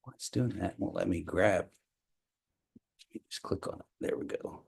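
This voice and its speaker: A man from Oklahoma teaching a small language class, patiently explaining pronunciation and repeating phrases slowly. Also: deep voice, creaky, a little mellow, low-quality recording. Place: meeting room with a small class.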